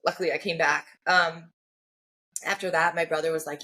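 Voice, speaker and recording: A woman's voice: low voice, steady tone, normal speed, long pauses, a bit bright. A woman guest on a podcast, candidly telling her personal story, often acting out what others said and peppering her speech with "like" and "you know.". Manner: frank, acts out quoted voices, frequent "like" and "you know".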